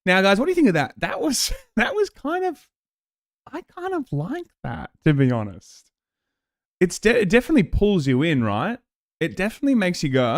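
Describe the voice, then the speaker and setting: A man, giving a casual, animated reaction to a game ad. He laughs and swears often. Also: high voice, moderate pace, no echo, clean studio sound. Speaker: show host reacting to a game ad.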